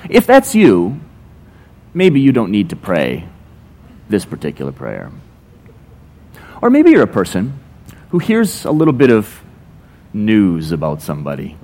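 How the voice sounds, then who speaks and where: A man's voice: on the low side, huge pitch swings, a little slow, pauses often, darkish tone. A man preaching a sermon as a pastor, telling everyday stories with dry, playful sarcasm. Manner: conversational, ironic storytelling with playful sarcasm.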